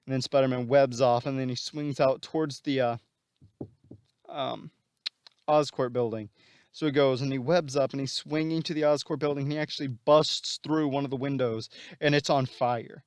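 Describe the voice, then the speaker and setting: A man's voice: medium pitch, fairly even intonation, moderate pace, clean tone, no room sound. A man casually retelling a story plot, rambling and full of fillers.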